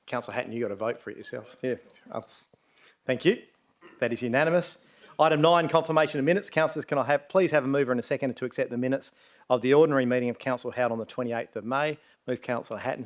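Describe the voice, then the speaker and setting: A man presiding over a council meeting, moving briskly through procedural items and fielding questions. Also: medium pitch. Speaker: presiding mayor chairing the meeting. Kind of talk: chairing a formal council meeting.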